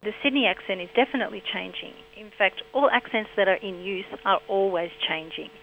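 Measured woman researcher, muffled sound. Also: medium pitch, vocal fry. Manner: measured, explanatory. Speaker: linguistics researcher. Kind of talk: expert interview. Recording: slightly muffled with faint hum.

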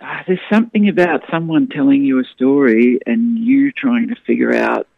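A man tells stories in a lively rush, stumbling over restarts as he talks. His voice has a gravelly edge and comes through a tinny phone line. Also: medium pitch, moderate pace, no echo. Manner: animated storyteller, frequent restarts. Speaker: comedian guest. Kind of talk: casual radio interview.

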